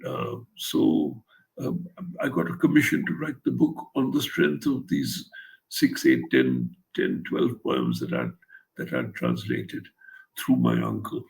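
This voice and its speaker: An older man's deeply gravelly voice, full of fry, rises and falls in a lively way. He is an author from India, telling a story in an interview with blunt, wry humour. He acts out the lines of the people in his story. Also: a little slow, rough recording. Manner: wry, blunt anecdotal storytelling with acted-out quotes.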